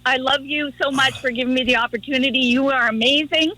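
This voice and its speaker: A woman's voice: sits high, fairly even intonation, fast talker, low-quality recording. A woman calling into a radio show, telling affectionate stories. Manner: warm, storytelling, affectionate. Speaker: caller, radio host. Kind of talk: phone-in tribute on radio.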